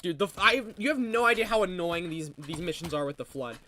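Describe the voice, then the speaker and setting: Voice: medium pitch, expressive, fairly quick, bright, forceful tone, a little hiss or hum. A streamer giving casual commentary while playing a shooter game, grumbling about the enemies. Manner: mutters and complains while playing.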